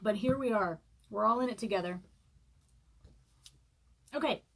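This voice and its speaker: A woman's voice: mid-range voice, measured pace, creaky, fairly bright tone, husky. Woman in her thirties, hungover author chatting loosely on a live stream before reading her chapter; fillers, laughs, self-mocking. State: hungover, eating saltines and sipping broth. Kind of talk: casual live-stream chat and book reading.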